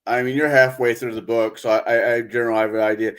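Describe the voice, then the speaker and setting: A man's voice: mid-range voice, little pitch movement, fast, clear, resonant tone. A man co-hosting a casual chat, telling stories and laughing as he talks.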